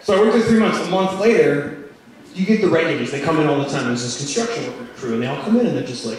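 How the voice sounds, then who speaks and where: A young man telling stand-up stories in a high, lively voice, jumping into shouted impressions. He is heard from a distance in a very echoey club. A crowd laughs loudly around him. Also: fast. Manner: animated, swings into loud shouting impressions. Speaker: stand-up comedian. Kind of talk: stand-up storytelling. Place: comedy club stage. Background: audience laughing.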